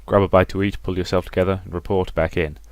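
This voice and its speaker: A young man playing a sci-fi visual novel, reading out every character's lines with shifting pitch and loudness. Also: flat delivery, fast talker, dry recording. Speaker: game let's-player.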